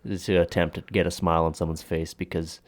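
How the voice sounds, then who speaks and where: A man's voice: deep voice, flat delivery, fast talker. A man co-hosting a podcast, chatting casually over drinks, cracking crude jokes, swearing freely and laughing often. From Alberta, Canada. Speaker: podcast co-host.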